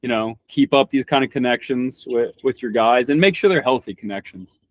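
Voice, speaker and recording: A man's voice: medium pitch, fairly quick. A young man from Kentucky, a podcast guest, talking casually, rambling with restarts and swearing bluntly. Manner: rambling, frequent restarts and stammered repeats. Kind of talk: casual conversation.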